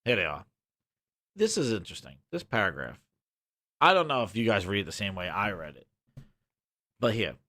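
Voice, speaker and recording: Indignant lively male gaming streamer. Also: normal speed, pauses often. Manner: sarcastic, indignant, swearing; muttering low while reading, louder when ranting. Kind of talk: ranting commentary while reading a web page.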